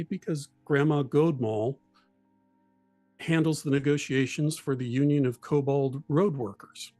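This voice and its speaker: A man in casual chat about tabletop role-playing, animated, explaining and acting out voices. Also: a little high, unhurried, no room sound, soft background music.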